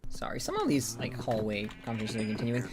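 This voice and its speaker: A man's voice: medium pitch, fairly even intonation, quick pace, noisy background. Chatty young man streaming a game. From United States. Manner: rambling, chatty, swears casually. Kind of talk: casual live-stream chat while gaming. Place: indoors, room by a hallway.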